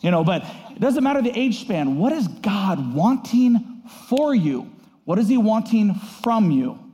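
An animated male pastor who preaches in a lively, chatty way and swings his pitch freely. His voice sits high for a man but has a mellow tone. It rings out with a long reverb, as if from a large hall. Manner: animated and conversational, acts out voices in quotes. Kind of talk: sermon.

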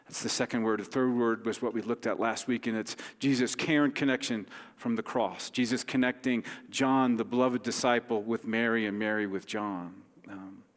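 A man, a pastor, giving a sermon in a gentle, conversational way with light humor. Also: mid-range voice, steady tone, moderate pace, hardly any pauses. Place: church sanctuary. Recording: long hall reverb.

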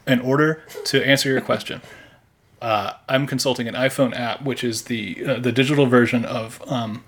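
Male podcast co-host, husky mid-pitch voice, halting, rambling delivery. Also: steady tone, fairly bright tone. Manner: rambling, halting, laid-back. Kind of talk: casual comedic chat.

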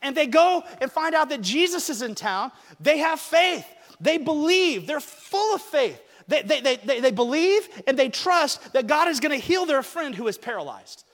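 A pastor from Alabama preaching a sermon, calling out to the congregation and swinging between shouting and quiet asides. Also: male voice, extremely high pitch, sing-song, normal speed, hardly any pauses. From Alabama, USA. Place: large church hall. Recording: long hall reverb.

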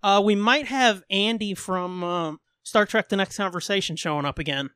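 A man's voice: sits high, normal speed, bright, forceful tone, clean tone, dry recording. A man hosting a podcast in casual chat, joking crudely and laughing often. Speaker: podcast host.

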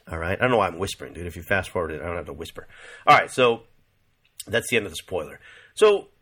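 Profane, rambling man with a lively voice. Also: sits low, fast talker. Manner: profane, rambling, says "dude" a lot. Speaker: vlogger. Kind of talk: casual rambling commentary.

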